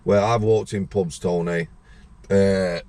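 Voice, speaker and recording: Chatty Yorkshire man, fairly low voice. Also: fairly even intonation, slow, warm tone. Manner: blunt, chatty, interjects with stories. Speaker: podcast host. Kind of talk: casual chat.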